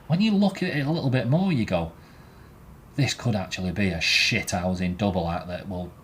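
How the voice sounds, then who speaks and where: A man with a very low voice talks through player ratings in a casual, opinionated way. He is blunt and swears freely. A faint background hiss sits under the recording. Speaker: football fan podcast host.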